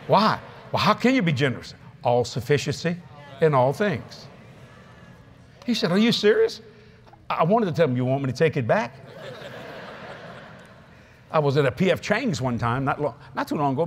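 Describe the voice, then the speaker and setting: A man preaching at a convention, telling folksy stories in an animated way with frequent laughs. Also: medium pitch, a little hiss or hum. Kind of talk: storytelling sermon to a live audience. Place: convention stage.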